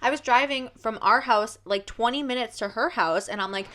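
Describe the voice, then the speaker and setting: A woman in her twenties, a podcast co-host, telling a story in casual chat with animated restarts and quoted dialogue. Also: a little high, normal speed.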